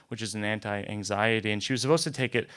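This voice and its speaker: Young guy telling a funny story, smooth clear voice, wry, trips over his words a lot. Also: lowish voice, steady tone, fast, a bit bright. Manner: conversational, self-deprecating, frequent stammered restarts. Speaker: comedian. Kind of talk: comic storytelling.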